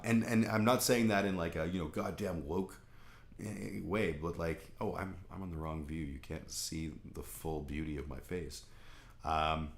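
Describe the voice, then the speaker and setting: A man's voice: sits low, reverberant. A man from Canada talking candidly in a rambling, casual monologue, swearing freely. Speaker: vlog host.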